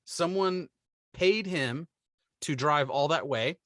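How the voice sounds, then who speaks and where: A middle-aged man with a bright, forceful voice tells stories in a loose, joking chat, slipping into the voices of the people he describes. The sound is dry and close, with no room around it. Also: fairly high pitch, slow pace, dry recording. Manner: animated storyteller, acts out quoted people. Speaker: podcast co-host. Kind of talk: casual chat.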